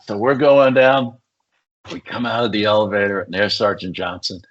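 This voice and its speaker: An older man, a retired police negotiator, telling animated stories in casual conversation and acting out the people he quotes. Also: fairly low pitch, moderate pace. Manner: animated anecdotes, acts out quoted voices. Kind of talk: casual storytelling. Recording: muffled lo-fi sound.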